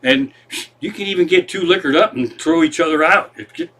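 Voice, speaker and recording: Bright-voiced man rambling profanely. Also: high-pitched, big pitch swings, a little fast, creaky. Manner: profane, meandering, self-deprecating. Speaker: comedian host. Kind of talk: rambling comedic monologue. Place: living room at home.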